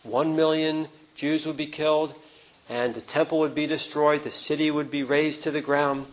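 A man preaching a sermon on a gospel passage, earnest and unhurried, with small restarts as he explains the text. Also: a little high, flat delivery, low-quality recording.

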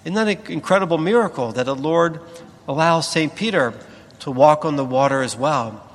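A man delivers a sermon, pausing on key words. His voice sits a bit higher than most men's. The sound rings on in a large church hall. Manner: slow, deliberate preaching with emphatic pauses. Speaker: priest.

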